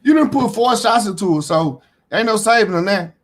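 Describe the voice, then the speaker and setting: A man giving casual reaction commentary, blunt and heated, repeating himself, swearing freely and rising to shouts when indignant. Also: high-pitched, expressive, normal speed.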